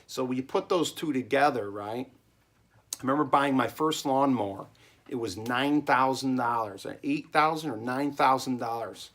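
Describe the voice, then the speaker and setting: A man's voice: mid-range voice, unhurried, a bit bright. Man, small business owner, casual vlog; emphatic rambling advice, keeps checking in, recorded in a home cellar.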